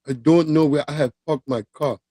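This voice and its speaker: A man voicing a confused, flustered woman shopper who talks in a slow, worried, bewildered way. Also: on the high side, fairly even intonation, dark tone, dry recording, studio quality, voice pushed down, lightly acted.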